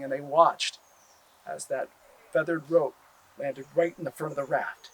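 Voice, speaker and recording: A man tells a traditional tale aloud, stretching and repeating phrases for effect. His voice is husky and sits somewhat high, and he swings between quiet and loud. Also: poor audio. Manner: animated, repetitive, drawn-out phrasing. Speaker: storyteller. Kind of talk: oral storytelling.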